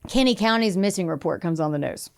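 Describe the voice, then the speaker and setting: A woman's voice: lowish voice, animated, fast talker, vocal fry. A young adult woman co-hosting a podcast, telling a true crime story in casual chat, acting out quotes in raised voices and swearing freely.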